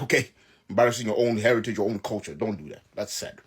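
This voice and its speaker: A man's voice: on the low side, fast, husky. A man from Southern Africa giving casual reaction commentary, exasperated and incredulous, often laughing in disbelief.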